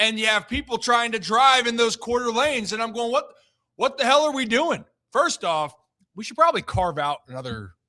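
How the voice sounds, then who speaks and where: High, bright-voiced ranting man. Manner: animated ranting storyteller. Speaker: sports talk show host. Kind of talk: casual chat.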